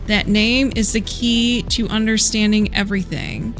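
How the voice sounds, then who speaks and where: A woman's voice: mid-range voice, fairly even intonation, unhurried, faint music behind, lightly acted. A woman reading as a smug hacker. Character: mysterious taunting male hacker. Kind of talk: reading game dialogue aloud.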